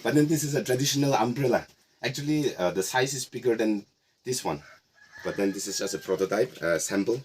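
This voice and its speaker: A middle-aged man from Nagaland, guiding a casual tour of a heritage house in a relaxed, explanatory way with playful asides. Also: medium pitch, fairly quick, a little hiss or hum. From Nagaland, India. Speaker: tour guide.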